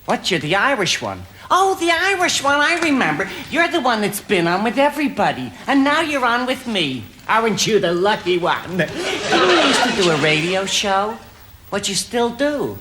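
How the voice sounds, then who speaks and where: A man playing a vain, flirty female film star in a studio sketch, talking in a breathy, gushing put-on voice full of innuendo. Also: high voice, sing-song, moderate pace, background noise. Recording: loud studio audience laughter. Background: laughing studio audience.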